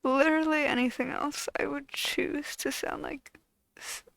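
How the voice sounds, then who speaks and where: Woman host venting to camera, slow and frustrated, in a dry, close recording. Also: sits high, fairly even intonation, creaky, a bit bright, no echo, poor audio. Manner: frustrated, profane, bitter. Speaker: channel host.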